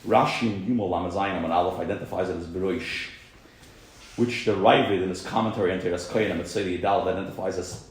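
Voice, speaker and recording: A man's voice: deep voice, darkish tone, heavy reverb, low-quality recording. A man teaching a small group around a table, explaining at length with many religious terms. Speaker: class teacher. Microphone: phone recording on the table.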